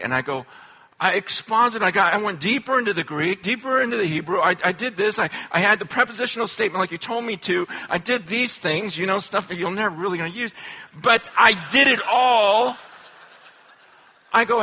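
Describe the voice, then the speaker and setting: A man preaching a sermon, telling self-deprecating stories in an animated, humorous way. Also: sits high, fairly quick, husky, lo-fi sound. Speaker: pastor.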